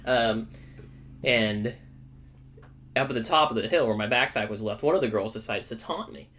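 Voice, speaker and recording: A young man co-hosting a podcast, telling a story in a casual, animated way with frequent check-ins to his listener. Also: medium pitch, normal speed, long pauses. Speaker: podcast co-host.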